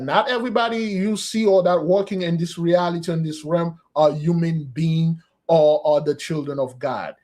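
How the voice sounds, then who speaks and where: A man delivers an earnest sermon that flows into a spoken prayer, exhorting his listeners and addressing them as beloved. His voice sits a little higher than most men's. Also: normal speed, few pauses, darkish tone. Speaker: preacher.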